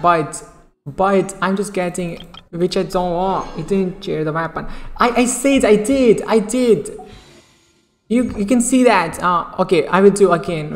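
A woman streaming a game, chatting casually and repeating filler words, often breaking into excited outbursts. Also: in a large hall. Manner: chatty, repeats "okay" and "bro", bursts into high excited shrieks. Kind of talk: casual live-stream chat while pulling in a gacha game.

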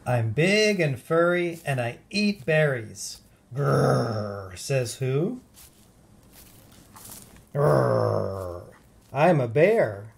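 Big furry storybook bear growling low, slow and playful, a reader putting it on. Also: sing-song, husky, full character voice. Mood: growly. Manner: low growling animal sounds.

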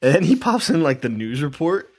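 Male podcast co-host, casual, quick to laugh. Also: on the high side, big pitch swings. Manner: laughs easily, enthusiastic. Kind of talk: casual chat.

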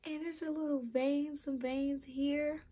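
Woman, unboxing vlog, slow-talking, breathy whispers, teary, faint hiss. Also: sits high, flat delivery, warm tone. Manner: breathy, often whispering, gasping and giggling; addresses viewers as "y'all". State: emotional, near tears. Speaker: vlogger.

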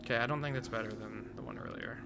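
A man giving casual, excitable gameplay commentary full of gamer slang. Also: lowish voice, fast, vocal fry, background noise. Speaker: gaming content creator.

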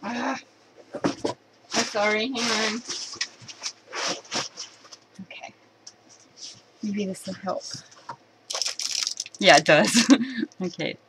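A woman chatting excitedly to camera while unboxing a box of candy at home, giggling and restarting her sentences. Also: medium pitch, very slow, pauses often, very noisy. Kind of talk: casual unboxing chat to camera.

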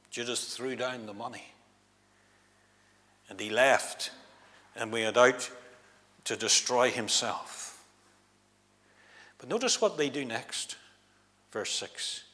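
A man preaching a gospel sermon in church, dramatic, swinging from loud declarations to hushed tones. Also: medium pitch, animated, slow, pauses often. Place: church hall. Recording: long hall reverb.

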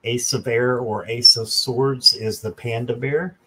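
A man hosting a live stream, chatting slowly and casually with viewers by name and joking as he goes. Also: mid-range voice, steady tone, bright, forceful tone, slightly rough, poor audio. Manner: slow, chatty, talks to viewers by name, jokes. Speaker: tarot reader and channel host.

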